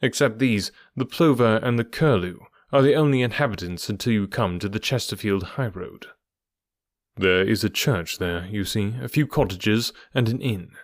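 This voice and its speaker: A man voicing a calm male detective who explains his reasoning step by step. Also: fairly low pitch, no echo, clean studio sound, close to an everyday voice. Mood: explaining. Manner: measured, methodical explaining.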